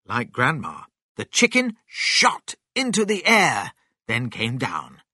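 A reader narrating a children's story slowly and expressively. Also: medium pitch, slightly rough, no room sound, studio quality. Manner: slow, expressive, sing-song.

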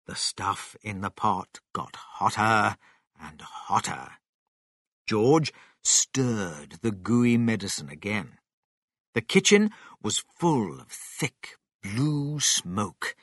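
A narrator reading a children's storybook aloud with dramatic, expressive delivery. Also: mid-range voice, husky, dry recording, clean studio sound. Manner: slow, very animated, dramatic swings.

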